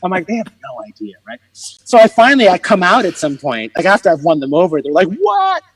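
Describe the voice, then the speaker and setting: A man, a comedian and motivational speaker, telling stories in an animated way during a conversation, laughing often and acting out the people in them. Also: sits high, quick pace, slightly rough, dry recording, poor audio. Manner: expressive, laughing often, acts out voices in his stories.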